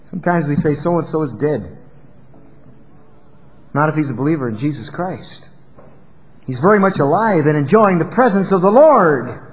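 Male pastor, high-pitched, emphatic sermon style, recorded with reverb in a church hall. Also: expressive, moderate pace, pauses often. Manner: emphatic preaching, rising and dropping loudness.

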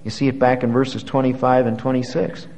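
A man's voice: level tone, a little fast. Man preaching a sermon in a reverberant hall. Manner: dramatic swings from quiet to loud, climbing pitch when quoting scripture.

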